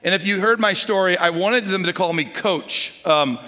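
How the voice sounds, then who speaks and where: An older man, a grandfather, preaching a sermon and telling stories, dropping to a hush when he quotes a whisper. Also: sits high, normal speed. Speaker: pastor. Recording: long hall reverb.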